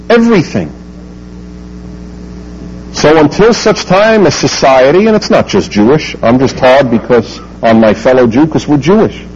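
A man's voice: a little high, darkish tone, lo-fi sound, a little hiss or hum. A man giving an emphatic talk to a live audience, full of rhetorical questions. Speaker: speaker lecturing an audience.

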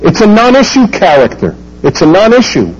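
A man's voice: wildly swooping pitch, normal speed, slightly rough, muffled recording. Emphatic man lecturing a room. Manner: emphatic, rhetorical questions, sweeping pitch. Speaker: speaker lecturing an audience. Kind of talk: speech to a live audience.

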